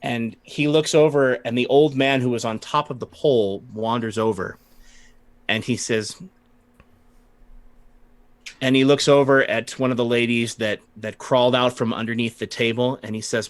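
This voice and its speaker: Unhurried man narrating as game master. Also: mid-range voice, steady tone, dry recording. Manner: unhurried, pausing often with fillers.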